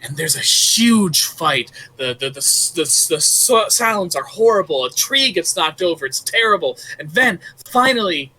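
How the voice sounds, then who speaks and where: A man narrating a tabletop game as game master, telling a story with animated sound effects. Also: sits high, unhurried, few pauses, slightly rough, poor audio.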